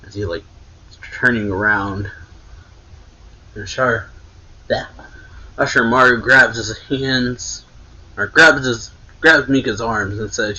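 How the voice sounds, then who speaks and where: A man's voice: mid-range voice, slow, pauses often, bright, forceful tone, slightly rough. A man casually recapping a manga chapter, rambling with many fillers, on dull lo-fi audio. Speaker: manga reviewer.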